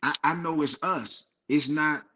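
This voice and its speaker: A man's voice: on the high side, a little slow, slight background noise. A man from Cleveland telling profane stories in casual chat, acting out the people he quotes. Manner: animated storyteller, profane, acts out quoted people. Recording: dull lo-fi sound.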